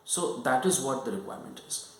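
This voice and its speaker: A man's voice: mid-range voice, expressive, fairly quick, a bit bright. A man giving an online English lesson, explaining step by step and often checking in with "right?" and "okay?". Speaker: English teacher. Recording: roomy echo.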